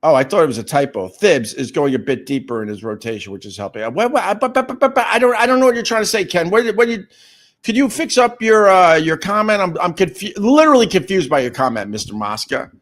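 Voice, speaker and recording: Animated rambling middle-aged male streamer. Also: high-pitched, quick pace. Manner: rambling, repeats words, sudden loud jumps. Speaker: radio host and livestreamer. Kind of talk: casual livestream chat reading viewer comments.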